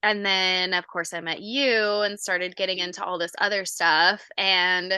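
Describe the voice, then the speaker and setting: Bright voiced woman cohost, super animated, says like constantly, dry close mic. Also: fairly low pitch, a little slow, clean tone, no echo. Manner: animated, emotional, says "like" a lot, laughs often. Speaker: podcast co-host. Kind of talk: casual podcast chat.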